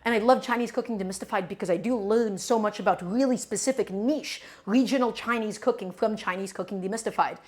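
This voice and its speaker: A woman's voice: mid-range voice, a little fast, hardly any pauses. A woman streaming a cooking lesson from her home kitchen, talking to her viewers in an emphatic, repetitive way. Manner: emphatic, repeats key points while chatting to viewers.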